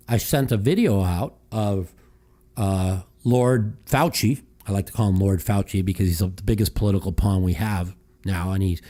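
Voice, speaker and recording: A man's voice: lowish voice, warm tone. A man hosting a casual call-in podcast, talking in a profane, heated, rambling way and often restarting his sentences. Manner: restarts and repeats himself. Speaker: podcast host. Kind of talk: casual call-in chat and rant.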